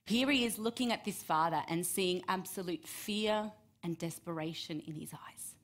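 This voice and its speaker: A woman, teaching a Bible story to children in a chatty way, asking listeners by name and dropping to a hush for emphasis. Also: fairly low pitch, normal speed. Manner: lively, chatty, asks listeners by name, drops to hushed tones for emphasis.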